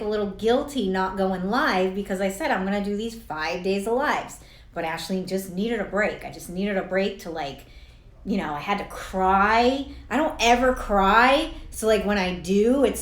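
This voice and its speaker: Chatty woman, roomy echo. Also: mid-range voice. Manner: blunt and chatty, swears freely, laughs at herself. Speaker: life coach. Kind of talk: casual talk to camera.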